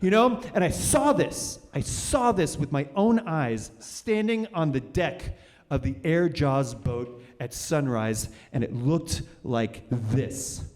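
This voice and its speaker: A man telling a personal story live on stage, animated and vivid, often restarting phrases. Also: a little high, takes it slowly. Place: cultural center hall, on stage. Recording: long hall reverb.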